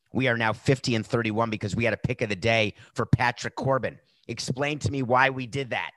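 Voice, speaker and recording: A man hosting a sports betting podcast, talking casually and animatedly, jumping between loud outbursts and muttered asides. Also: on the low side, no room sound.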